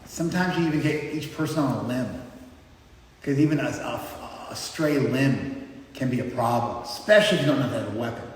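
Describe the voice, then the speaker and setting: A man's voice: medium pitch, brisk. Man lecturing in an echoey hall. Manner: conversational, explanatory, checks in with "you follow?". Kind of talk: informal class lecture. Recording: echoey hall, mic far off, faint background noise.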